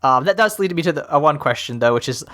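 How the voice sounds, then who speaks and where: A man's voice: a little high, fast. Laughing young man on a podcast. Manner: animated, laughing, quotes characters in put-on voices. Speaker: podcast co-host. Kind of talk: casual chat.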